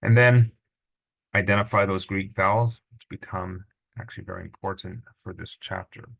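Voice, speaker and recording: A man teaching a recorded language lesson, relaxed and chatty, with many fillers. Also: deep voice, normal speed, gravelly. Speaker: Greek teacher.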